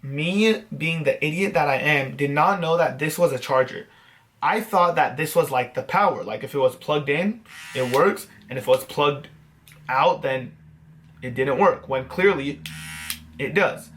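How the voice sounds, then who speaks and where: A man vlogging, telling a story to camera in a casual, animated, self-mocking way and swearing freely. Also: a little high, unhurried, a little hiss or hum. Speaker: vlogger host.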